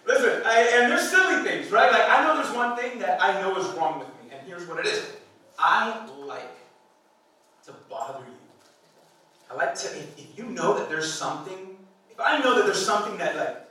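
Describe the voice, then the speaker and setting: A man in his thirties preaches in a playful, chatty way, tossing rhetorical questions at his listeners. His voice sits very high and bright. It rings through a large echoing hall, heard from a step back from the mic. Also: animated, moderate pace, recorded from a distance. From Hispanic background. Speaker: pastor. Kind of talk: sermon. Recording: echoey hall, speaker off-mic.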